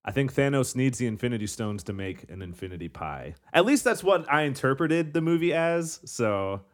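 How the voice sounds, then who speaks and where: A man's voice: medium pitch, sing-song, moderate pace. A man co-hosting a casual podcast, joking and hesitant. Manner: hesitant and joking, frequent laughs. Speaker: podcast co-host.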